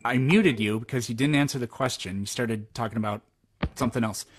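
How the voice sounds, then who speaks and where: A man hosting an online debate, calm and persistent, repeating his questions. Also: mid-range voice, fairly quick.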